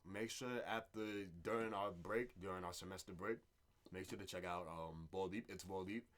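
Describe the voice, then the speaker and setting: Slangy New guy, lowish voice. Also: normal speed. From New York. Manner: rambling, slangy, animated storyteller. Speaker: podcast co-host. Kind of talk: casual chat.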